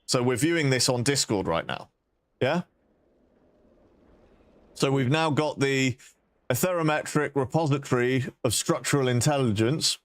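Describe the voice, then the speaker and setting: A male game streamer talks loosely to his viewers, rambling between explanations, cursing and laughing at his own expense. His voice sits at an ordinary middle pitch, and the sound is dry and close with no room around it. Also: a little slow, long pauses, no echo. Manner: rambling, swearing, self-mocking with bursts of laughter. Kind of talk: casual live-stream chat.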